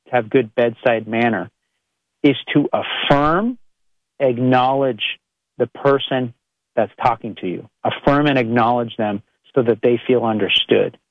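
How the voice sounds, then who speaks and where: A man's voice: medium pitch, dry recording. Earnest man, dry slightly dull audio. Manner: earnest, direct, with frequent "like" fillers. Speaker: chiropractor. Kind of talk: motivational podcast monologue.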